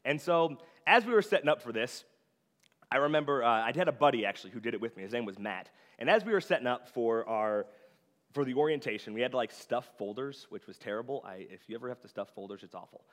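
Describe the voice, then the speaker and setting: A young male preacher talks to the congregation in a loose, chatty way, scattering filler words as he goes. His mid-pitched voice rings out with a long reverb tail through the sanctuary. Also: lively intonation, quick pace, a bit bright. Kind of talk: conversational sermon. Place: church sanctuary.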